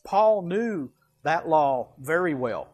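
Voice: medium pitch, big pitch swings, slow pace, a little mellow. Emphatic preacher teaching verse by verse. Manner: emphatic, asks rhetorical questions and answers them; folksy asides. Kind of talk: expository sermon with slides.

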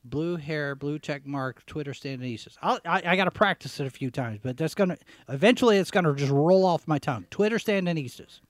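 A man hosting a talk show, giving sarcastic commentary as he reads out headlines, often clearing his throat and restarting his sentences. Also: fairly high pitch, lively intonation, brisk, few pauses, dry recording. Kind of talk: opinionated commentary, reading headlines.

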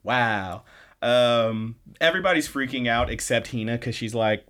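A man's voice: mid-range voice, moderate pace, fairly bright tone, smooth. A man co-hosting a podcast, recapping episodes in casual, enthusiastic chat full of "like"s and restarts. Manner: enthusiastic, rambling with many "like"s and restarts. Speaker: podcast co-host.

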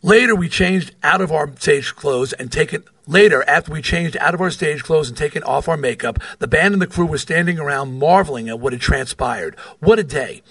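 Husky and on the high side, this man talks fairly quickly with few pauses, and there's no room sound. He is a middle-aged New York podcast host reading his memoir and spinning rock stories, wry and profane, with off-page asides.

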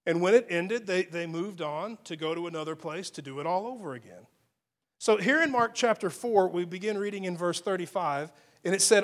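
A pastor with a high voice preaches a sermon in a conversational, personal way. He restarts often, and his loudness swings suddenly.

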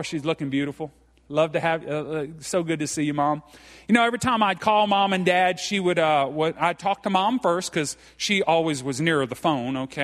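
A man's voice: high voice, a bit bright. A middle-aged man preaching a folksy sermon, often checking in with "okay?" and calling the congregation "guys". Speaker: pastor. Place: church sanctuary. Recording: long hall reverb.

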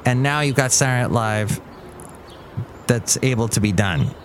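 A man hosting his own show in an easygoing, rambling monologue. He thinks aloud and drifts from one thought to the next. His voice sits at an ordinary middle pitch. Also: moderate pace, a little hiss or hum. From California. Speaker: host.

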